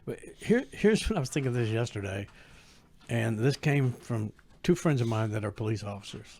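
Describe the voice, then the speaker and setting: Male comedian guest, gravelly voice, halting and thoughtful in chat. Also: mid-range voice, expressive, darkish tone. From United States. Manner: hesitant, repeats words, measured. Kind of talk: casual chat.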